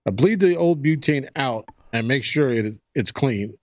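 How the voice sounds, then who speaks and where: A man's voice: mid-range voice, lively intonation, normal speed, highs cut off. A man co-hosting a podcast in casual chat, easygoing and rambling, often restarting his sentences. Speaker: podcast co-host.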